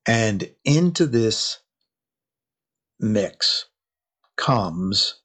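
Slow, husky male history lecturer. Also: fairly low pitch, sing-song, fairly bright tone. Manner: storytelling with rhetorical questions and dramatic emphasis.

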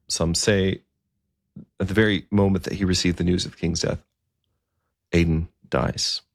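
A man's voice: low-pitched, gravelly, no echo, clean studio sound. A man narrating a story in a conversational way, with occasional fillers.

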